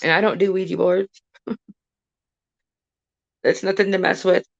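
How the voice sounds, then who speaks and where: A woman in her thirties telling stories from her childhood on a casual livestream, talking in halting bursts with many restarts and repeated phrases. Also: on the low side, level tone, gravelly, highs cut off. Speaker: live streamer.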